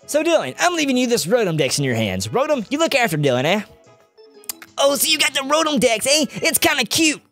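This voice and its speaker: A man voicing a cheery, friendly male professor from a video game in a high, sing-song voice, adding a mock "eh" to his lines. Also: wildly swooping pitch, fast, hardly any pauses, fairly bright tone, soft background music, exaggerated voice.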